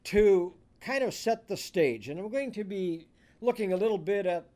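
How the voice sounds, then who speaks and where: A man preaching a sermon as pastor, reading scripture aloud with deliberate emphasis. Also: high-pitched, expressive, darkish tone.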